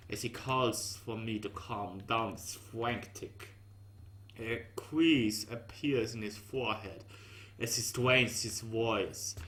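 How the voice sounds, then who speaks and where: A man reading a visual novel aloud in slow, measured narration with dry asides. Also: on the low side, bright, forceful tone. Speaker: game reader.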